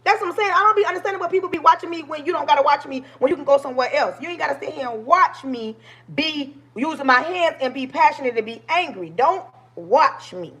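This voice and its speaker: A woman's voice: sits high, animated, fast, a bit bright. A woman in her forties on a livestream, talking passionately and preachily to her viewers. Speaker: livestream host. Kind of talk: livestream talk.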